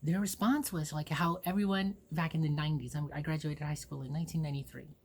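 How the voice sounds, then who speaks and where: A woman's voice: sits low, fairly even intonation, fast talker, husky. A woman in her forties from Ohio, hosting her own show and telling personal stories in a rambling, candid way, swearing freely and acting out what people said. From Ohio, USA. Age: 40s. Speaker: host. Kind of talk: casual personal storytelling.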